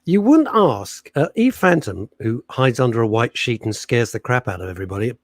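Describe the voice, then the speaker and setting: A man's voice: medium pitch, very animated, no echo. A middle-aged man co-hosting a radio show, bantering and mocking his partner in a jokey way. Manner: teasing, jokey, quick to mock his co-host. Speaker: radio co-host. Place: home setup with a loud industrial fan behind him.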